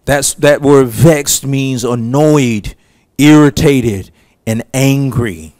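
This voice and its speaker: A man preaching a sermon, slow and emphatic, with long pauses between phrases. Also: mid-range voice, darkish tone, no room sound. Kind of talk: sermon teaching.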